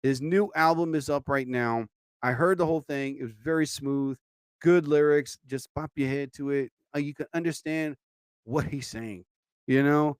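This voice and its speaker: A man's voice: a little high, moderate pace, clear, resonant tone, dry recording. Chatty man hosting his own live show. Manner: rambling, chatty, many "you know" asides. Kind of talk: casual live-stream monologue.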